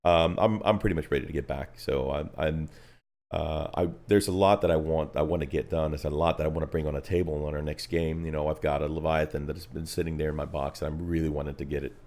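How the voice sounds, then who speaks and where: A man hosting a casual live stream, telling stories in a lively, rambling way. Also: rumbling low, quick pace. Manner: animated storytelling, rambling with restarts.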